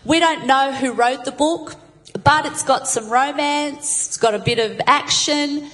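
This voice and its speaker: A woman delivering a sermon, telling stories with lively voices for the characters. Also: high voice, measured pace, big-room sound, poor audio. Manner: animated storyteller, voices the jokes' characters. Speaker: preacher.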